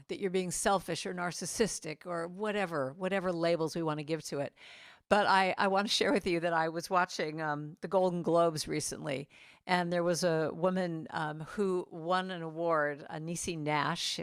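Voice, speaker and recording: A woman's voice: mid-range voice, a bit bright, no room sound, clean studio sound. A woman giving an inspirational church talk, telling heartfelt stories and acting out quotes. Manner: heartfelt storytelling with acted-out quotes. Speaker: inspirational speaker and singer-songwriter.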